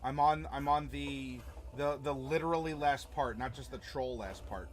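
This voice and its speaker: A man's voice: mid-range voice, moderate pace. A young man hosting a live stream as game master, chatting casually and rambling with many fillers and restarts.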